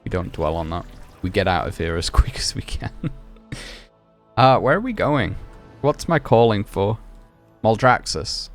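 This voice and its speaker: A man with a deep, low voice gives easygoing gameplay commentary, musing and second-guessing himself out loud. Soft music plays quietly underneath. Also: big pitch swings, a little slow, long pauses. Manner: rambling, self-questioning, chatty. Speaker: gaming streamer.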